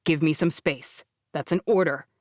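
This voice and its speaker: A woman voicing a calm, commanding man who gives steady orders in an emergency. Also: low-pitched, normal speed, dry recording, studio quality, pitched below the performer's own voice. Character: commanding man, a calm rancher taking charge.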